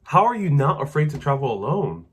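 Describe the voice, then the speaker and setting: A man hosting a casual live stream, answering viewer questions about travel in a relaxed, rambling way with many fillers. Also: on the high side, fairly quick, breathy edge. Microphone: wireless clip-on mic.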